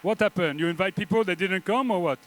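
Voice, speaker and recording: A comedian playing a cheeky French coach with a heavy put-on French accent, teasing a crowd at a live lunch event. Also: male voice, high voice, quick pace, slight background noise, natural voice. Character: boastful French coach, teasing, adult man. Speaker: comedian in character. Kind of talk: live stand-up character act. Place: large function room at a lunch event. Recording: echoey hall from far off, loud crowd.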